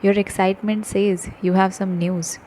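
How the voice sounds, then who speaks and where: A woman's voice: mid-range voice, little pitch movement, moderate pace, mellow, slight background noise, natural voice. A woman narrator voicing a stingy, sarcastic young man who is nervous about meeting his fiancée's family. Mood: exasperated. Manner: sarcastic, exasperated.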